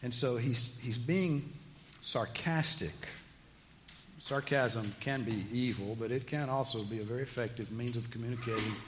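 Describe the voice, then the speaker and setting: A man's voice: mid-range voice, normal speed, slight background noise. A man preaching a sermon, reading scripture aloud and explaining it with rising emphasis. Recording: long hall reverb, faint ambience.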